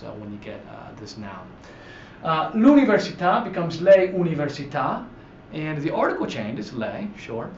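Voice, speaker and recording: A man of medium pitch teaches a recorded language lesson, stressing each example word and saying it twice. His voice swings widely up and down as he explains, with plenty of fillers. The sound is echoey and a bit dull, like a lo-fi recording in a bare room. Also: a little hiss or hum.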